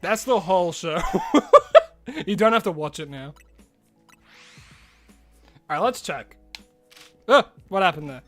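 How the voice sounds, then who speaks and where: Giggly Australian streamer, lively pitch. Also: unhurried, long pauses, soft background music. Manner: laughs often, chatty and playful. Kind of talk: casual live-stream commentary.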